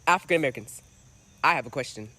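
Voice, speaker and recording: A man's voice: medium pitch, animated, racing, pushed and bright, soft background music. A man with a Southern US accent, curiously asking a casual question and acting out the pronunciations. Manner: chatty and curious, demonstrating sounds. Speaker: social media commenter.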